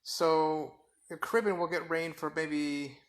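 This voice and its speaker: A bright, forceful man's voice, a little higher than most, rambling through a casual phone live stream. He keeps catching and correcting himself mid-sentence. It sounds like he is chatting with viewers as he goes. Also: fairly even intonation, unhurried. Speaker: vlogger. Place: outdoors under a balcony in rain.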